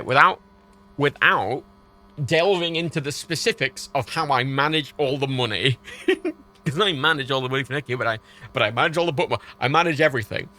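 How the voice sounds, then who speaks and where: A young man chatting on a livestream while gaming, telling an exasperated story with lots of swearing. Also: mid-range voice. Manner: animated, exasperated ranting with swearing. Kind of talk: casual stream chat while gaming.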